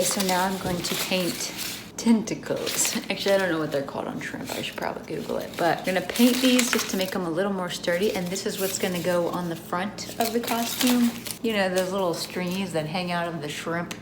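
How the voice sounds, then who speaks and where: A woman's voice: fairly low pitch, noisy background. A woman chatting casually in a do-it-yourself craft vlog at home, rambling and joking at herself with little laughs. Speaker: vlogger.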